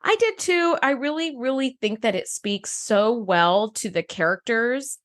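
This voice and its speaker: Woman cohost chatting, voice jumps all over, fairly high, swears a lot. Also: measured pace. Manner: animated, swears freely, acts out quotes. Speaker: podcast co-host. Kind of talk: casual chat.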